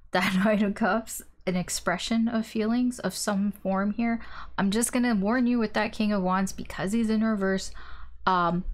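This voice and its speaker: A woman with a mid-range voice talks through a tarot reading in a loose, conversational way. She is frank and chatty, laughs easily, and lets the odd swear word slip. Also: medium pitch. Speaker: tarot reader.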